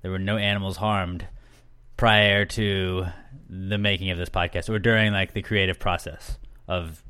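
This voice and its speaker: A man's voice: low voice, little pitch movement, moderate pace, bright, forceful tone, clean tone. A young man co-hosting a casual podcast, joking and rambling, often correcting himself mid-sentence. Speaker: podcast co-host.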